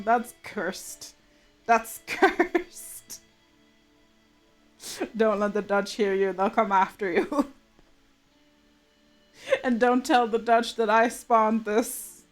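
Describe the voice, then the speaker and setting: A woman streaming live, chatting casually and laughing often while she mutters to herself over her drawing. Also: mid-range voice. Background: soft game music.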